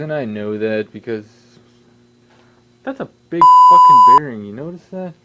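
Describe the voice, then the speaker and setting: A young man rambling casually in his home workshop, swearing a lot and breaking into sudden loud outbursts. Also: mid-range voice, poor audio. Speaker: vlogger.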